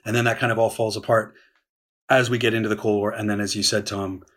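Husky-voiced man explaining history. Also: lowish voice, little pitch movement, fast, a bit bright. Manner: explains at length with many restarts and fillers. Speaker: historian guest. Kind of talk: conversational podcast discussion.

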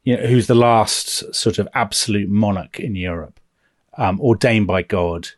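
A man with a lowish voice co-hosts a history podcast in a chatty, teasing way and fills his talk with ums. The sound is dry and close. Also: a little slow, no room sound. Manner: chatty, teasing, with frequent fillers. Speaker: podcast co-host.

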